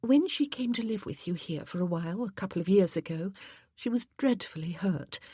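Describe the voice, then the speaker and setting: A woman plays a sensible young wife in a period audiobook. Her voice is soft and coaxing. The tone is slightly husky and the recording is dry. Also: medium pitch, lively intonation, a little fast, dry recording, pitched above the performer's own voice.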